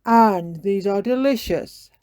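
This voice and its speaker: Storybook father pig, yawning and hearty, unhurried; a woman reader voices him. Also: mid-range voice, dark tone, no echo, studio quality, natural voice. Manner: drowsy, mumbling, hearty. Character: sleepy, jolly father pig.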